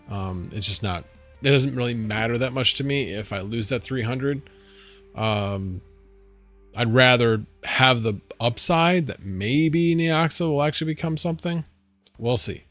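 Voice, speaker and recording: A man hosts a casual home livestream, chatting loosely with viewers and thinking out loud. His voice sits at an ordinary middle pitch, with soft music playing faintly underneath. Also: unhurried. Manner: rambling, answering chat, thinking aloud. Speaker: livestream host.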